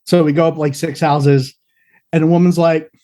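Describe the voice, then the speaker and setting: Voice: mid-range voice, moderate pace. A podcast co-host in casual chat, telling stories with plenty of profanity. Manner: profane, animated storyteller.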